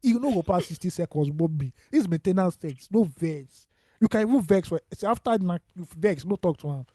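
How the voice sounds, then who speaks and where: A man's voice: high voice, animated, fairly quick, mellow, dry recording, studio quality. A man with a Nigerian accent co-hosting a podcast, bantering playfully and mixing Pidgin into his talk. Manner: playful, joking, slips into Pidgin. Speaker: podcast co-host. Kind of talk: casual banter.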